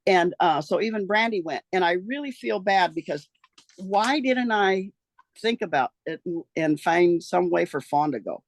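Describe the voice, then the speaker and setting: Gravelly older woman telling her story. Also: fairly low pitch, animated, moderate pace, dry recording. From American rural West. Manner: folksy, rambling, trails off and restarts. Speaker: interviewee recounting her life. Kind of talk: casual storytelling.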